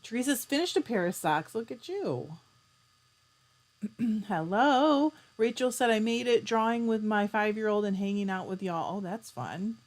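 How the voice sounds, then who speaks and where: A woman chats her way through a live stream at a middling pitch. She reads viewers' comments aloud and answers each one in a friendly, easygoing way. Now and then she stops to clear her throat. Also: expressive, a little slow. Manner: chatty, reads out comments and answers them warmly. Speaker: livestream host.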